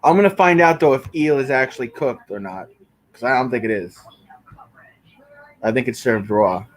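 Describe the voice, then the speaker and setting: A man's voice: medium pitch, moderate pace. Profane man bickering with his live chat. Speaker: livestreamer. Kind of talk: casual live stream chat reading comments. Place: bedroom.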